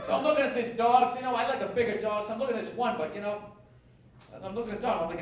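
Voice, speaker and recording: A man's voice: sits high, rapid-fire. A male stand-up comedian doing a sarcastic, profane rant on stage. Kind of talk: stand-up routine. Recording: echoey distant recording with loud noise. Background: audience laughter.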